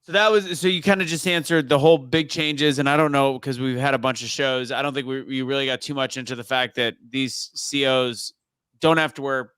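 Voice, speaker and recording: Bright-voiced hesitant host man. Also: medium pitch, steady tone, fairly quick, clean tone, no echo, clean studio sound. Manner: hesitant, filler-heavy. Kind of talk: casual podcast talk.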